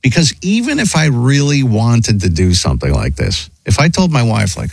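A man hosts a radio talk show and chats casually about what he sees. His pitch swoops widely as he talks, and the mic sound is dry and close with no room echo. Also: gravelly, slightly rough. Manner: animated, wondering aloud, quick asides. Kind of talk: casual radio chat, reading listener emails.

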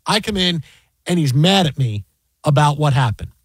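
A man who works as a sports broadcaster, casually recounting a work story in an animated, exasperated way. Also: a little high, normal speed, husky, no room sound. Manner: animated, exasperated retelling with repeated asides. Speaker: fantasy football broadcaster.

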